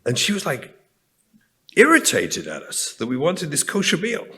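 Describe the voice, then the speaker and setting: A man's voice: fairly high pitch, huge pitch swings, moderate pace, sharp tone. An English man, a rabbi, delivering a storytelling keynote address and speaking directly to the audience. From England.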